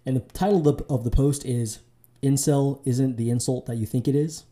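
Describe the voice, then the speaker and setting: A man's voice: mid-range voice, fairly even intonation, normal speed, warm tone. A man hosting his own podcast, talking solo in a casual, loose way, with fillers and restarts. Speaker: podcast host.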